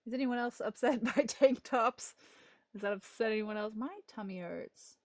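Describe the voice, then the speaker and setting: A woman's voice: on the high side, fairly even intonation, moderate pace. Chatty woman streamer ranting casually. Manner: chatty, rambling, exasperated rants. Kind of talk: casual livestream chat.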